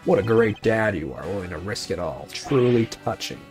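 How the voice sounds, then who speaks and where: A man doing a gruff, mocking Interpol agent. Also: fairly low pitch, animated, normal speed, a little mellow, close to an everyday voice. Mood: scornful. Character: brash male Interpol agent, cocky and combative. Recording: faint music behind.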